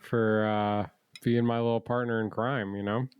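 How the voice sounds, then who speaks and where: A man's voice: fairly low pitch, little pitch movement, normal speed, clear, resonant tone, no echo, narrow, tinny audio. A man co-hosting a podcast, chatting casually with playful, goofy, teasing humor. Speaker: podcast co-host. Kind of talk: casual chat.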